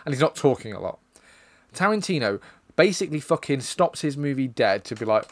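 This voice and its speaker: A man's voice: mid-range voice, expressive, a little fast, a bit bright. A British man with a foul mouth, ranting about films as a podcast co-host in a casual chat. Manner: profane, ranting. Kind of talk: casual film review chat.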